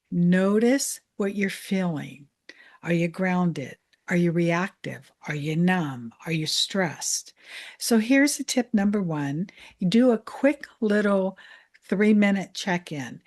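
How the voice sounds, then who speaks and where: A woman money mindset coach giving a calm, soothing self-help training talk. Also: fairly low pitch. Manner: calm, slow, soothing guidance.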